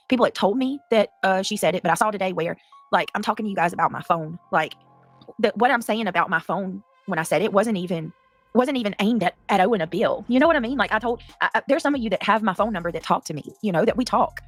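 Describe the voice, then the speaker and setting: A woman's voice: medium pitch, no room sound. Woman, livestream host, emotional, defensive, faint background music. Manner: greets chat by name, emotional, defensive. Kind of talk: casual livestream chat.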